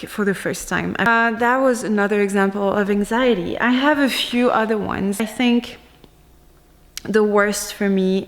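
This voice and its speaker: A young woman tells her own story in a personal vlog, and her voice has a mid-range pitch. She speaks in an emotional, halting way, stopping and restarting often. A long reverb hangs behind her in the room. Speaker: vlogger.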